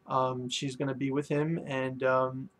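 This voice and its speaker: A man's voice: medium pitch, little pitch movement, measured pace. A man reviewing a manga chapter in a casual, rambling way, full of ums and likes.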